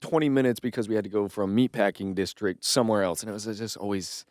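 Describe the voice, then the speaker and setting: A man's voice: on the low side, fast talker, darkish tone, no room sound, studio quality. A man co-hosting a podcast, chatting bluntly and swearing freely. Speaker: podcast co-host. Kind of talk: casual chat.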